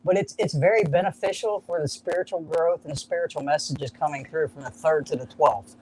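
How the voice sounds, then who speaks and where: A man's voice: a little high, fairly quick, a little mellow, a little hiss or hum, low-quality recording. Upbeat man explaining an astrology chart. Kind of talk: live-streamed chart explanation.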